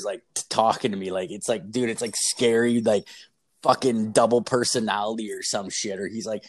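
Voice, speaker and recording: A young man in his twenties tells a rambling, profane story in casual chat, filling it with "like" and swearing. His voice sits on the low side of a man's range. He loops back and restarts his sentences as he goes. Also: fairly even intonation, a little fast. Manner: rambling, profane, filler-heavy.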